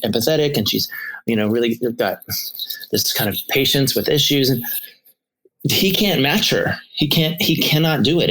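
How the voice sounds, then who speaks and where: This man speaks at a medium pitch with a fairly bright tone, though the recording is poor. He's a therapist who co-hosts a podcast, and his casual storytelling wanders, full of fillers and false starts.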